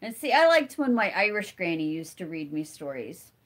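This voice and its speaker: A woman's voice: lowish voice, big pitch swings, normal speed, fairly bright tone. Middle-aged lady w a stuffy nose, chatty live stream host reading out comments. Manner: chatty, reads viewer comments aloud and answers them. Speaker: homesteading channel host. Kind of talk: casual live-stream chat.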